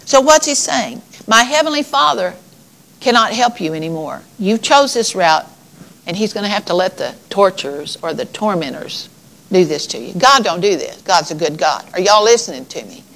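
A woman's voice: mid-range voice, animated, normal speed, fairly bright tone, low-quality recording. A woman preaching a sermon in a conversational, folksy way, reading scripture aloud and addressing her congregation.

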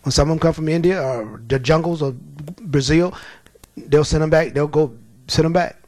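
A male preacher delivering a lively, folksy sermon, telling stories with laughter and reading scripture slowly. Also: on the high side, no room sound. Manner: animated, folksy, laughing at his own stories; reads scripture slowly and deliberately.

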